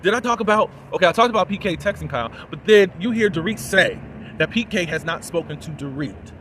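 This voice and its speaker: A man with a fairly high voice recaps a reality show in a casual, chatty way. He is sassy and opinionated, and he talks straight to his viewers. A faint hiss of noise sits behind him. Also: expressive, a little fast, sharp tone.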